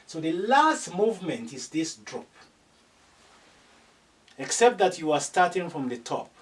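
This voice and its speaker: A man teaching letters slowly and patiently, repeating each sound many times. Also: a little high, sing-song. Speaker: Arabic teacher. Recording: somewhat distant from the mic.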